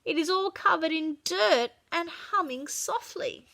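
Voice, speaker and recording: Woman reading a kids chapter book out loud, high bright voice, really expressive. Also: measured pace, creaky. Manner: expressive, dramatic read-aloud. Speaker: storyteller for children. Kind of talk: children's storybook reading.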